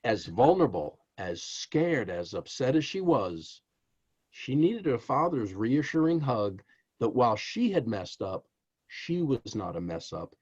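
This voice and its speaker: A man's voice: medium pitch, unhurried, slightly rough, lo-fi sound. A man being interviewed as an author, telling stories emphatically and speaking straight to the host. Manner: animated, emphatic storyteller who addresses the host directly. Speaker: author guest. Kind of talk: interview storytelling.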